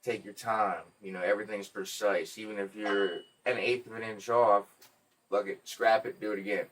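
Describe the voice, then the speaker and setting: A man's voice: lowish voice, moderate pace, recorded from a distance, slight background noise. A man hosting a podcast, telling stories in a casual, profane, joking way. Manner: profane, joking, animated storyteller. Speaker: podcast host. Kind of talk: casual storytelling chat.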